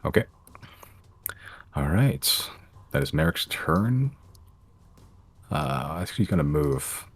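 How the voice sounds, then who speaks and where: A man's voice: extremely low pitch, big pitch swings, unhurried, vocal fry. A man narrating a tabletop game as game master, loosely describing the action with lots of fillers.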